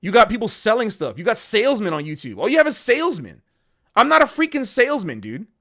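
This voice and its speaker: A man's voice: high voice, big pitch swings, fast talker, fairly bright tone. A man who is a jazz musician, ranting casually on a livestream in an emotional, passionate way and calling people bro.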